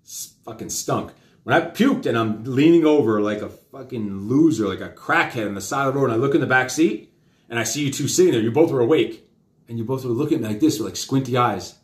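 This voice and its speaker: A father hosting a live show tells his children a story in an animated, mid-range voice at a fairly quick clip. He wanders casually, cursing and using many fillers, and the room sound is echoey.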